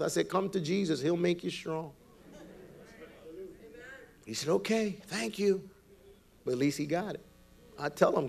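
A man's voice: high voice, expressive, normal speed, vocal fry, pauses often. A man preaching a provocative sermon as pastor, acting out the voices of the people he quotes.

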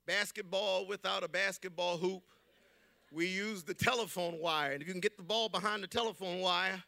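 A man preaching a sermon as pastor, telling stories and building up to shouted preaching. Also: high-pitched, dry recording.

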